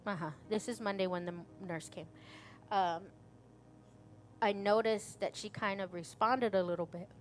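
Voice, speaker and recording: A woman's voice: mid-range voice, steady tone, moderate pace, long pauses, slight background noise. A woman pastor earnestly retelling a family story during a sermon testimony.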